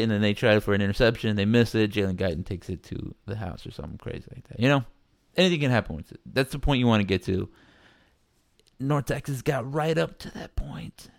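A man hosting a casual sports podcast, rambling and animated, often acting out quotes from players and fans. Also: lowish voice, brisk, dry recording, clean studio sound. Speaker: podcast host.

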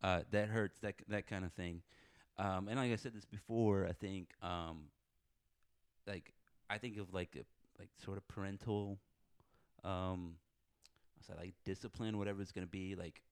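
Deep-voiced rambling dad, dry sound. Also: male voice, fairly even intonation, normal speed, clean tone, no echo. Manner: rambling, lots of fillers and laughs. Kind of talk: casual chat.

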